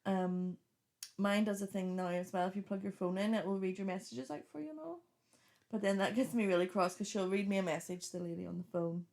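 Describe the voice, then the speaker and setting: A woman, co-hosting a casual podcast and telling stories in an animated way. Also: medium pitch, a little fast, creaky. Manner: animated storyteller, acts out voices, laughs often. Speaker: podcast co-host. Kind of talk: casual chat.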